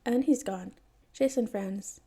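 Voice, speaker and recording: A woman reads a story aloud in a calm, even storytelling manner. Her voice is gravelly and dark, with a rough, creaky texture. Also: medium pitch, slow pace. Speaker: podfic reader. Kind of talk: reading fan fiction aloud.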